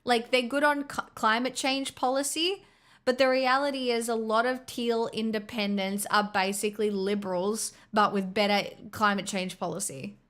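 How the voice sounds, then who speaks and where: Blunt Australian woman, fairly high voice. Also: fairly even intonation, moderate pace, fairly bright tone. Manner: blunt, swearing, rambling with restarts. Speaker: streamer. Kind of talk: casual chat reading viewer messages.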